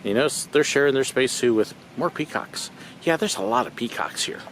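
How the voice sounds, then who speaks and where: Middle-aged male vlog host, animated delivery, dry jokes, outdoor zoo with faint background noise. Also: medium pitch, a little fast, gravelly, low-quality recording. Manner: wry, joking tour-guide commentary. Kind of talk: casual narration at the zoo.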